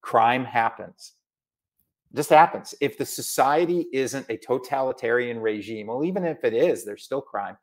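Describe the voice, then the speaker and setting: A middle-aged man from Massachusetts, an author chatting in an interview, animated and full of asides. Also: mid-range voice, moderate pace. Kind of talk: casual video interview.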